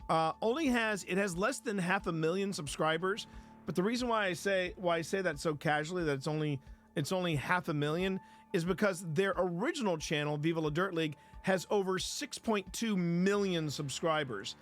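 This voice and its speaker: A man hosts a live stream in a loose, rambling way, often restarting his sentences and swearing casually. His voice sits fairly high, and faint music plays underneath. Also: normal speed, fairly bright tone. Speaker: streamer host.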